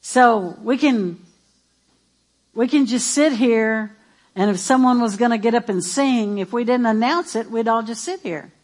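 A woman preacher with a high-pitched voice delivers a sermon. She is animated and emphatic, with playful asides and repeated declarations. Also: measured pace.

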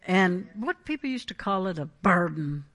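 A woman's voice: lowish voice, very animated, moderate pace, fairly bright tone. A woman preaching a Pentecostal sermon, emphatic and conversational, often checking in with the congregation.

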